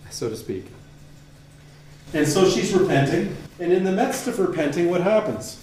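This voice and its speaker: A man's voice: medium pitch, a little mellow. A man reading passages aloud and commenting on them in a conversational lecture, often asking rhetorical questions. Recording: roomy echo, faint ambience.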